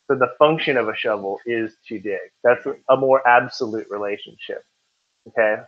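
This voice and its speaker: A man's voice: medium pitch, steady tone, moderate pace. A male test prep teacher giving a casual classroom lecture who keeps checking in with his students. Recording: dull lo-fi recording.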